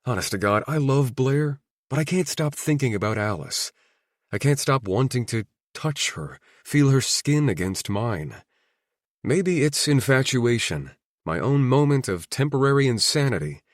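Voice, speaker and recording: A man's voice: mid-range voice, animated, a little slow, no room sound, studio quality. A man narrating a romance audiobook in the first person, wry and introspective.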